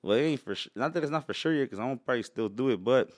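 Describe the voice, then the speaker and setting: Fast-talking laid-back guy. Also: mid-range voice, expressive, dry recording, studio quality. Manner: laid-back, swears often, laughs a lot. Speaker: podcast guest, truck brand owner. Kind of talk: casual chat.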